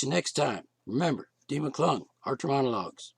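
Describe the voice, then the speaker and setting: A male podcast host ranting on his own, blunt and profane. His voice is gravelly and raspy, and it sounds worn and hoarse. He is recorded dry and close, with no room sound. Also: medium pitch, very animated, moderate pace, no room sound. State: losing his voice. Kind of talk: casual solo podcast monologue.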